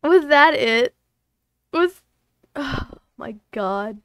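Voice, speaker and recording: A woman's voice: high-pitched, animated, drawn-out words, no room sound, studio quality. A young woman streamer chatting casually to viewers, exasperated and swearing at her technical trouble. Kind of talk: casual live-stream chat.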